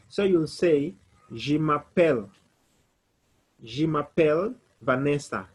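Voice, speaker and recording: A man teaching a language lesson, slowly spelling words letter by letter and repeating each phrase for his students. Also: on the high side, slightly rough, low-quality recording. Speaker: French teacher.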